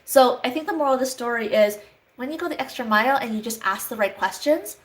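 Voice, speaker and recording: A woman in her thirties from Canada, telling a story to camera in a chatty, animated way and acting out both sides of phone calls. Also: a little high, fast talker, poor audio. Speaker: vlogger, Avon sales representative.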